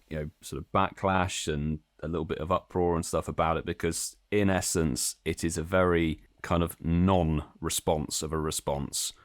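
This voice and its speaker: Low-voiced British man, podcast co-host. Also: dry recording. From United Kingdom. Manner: relaxed, hesitant restarts, dry asides. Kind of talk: casual chat and reading a statement aloud.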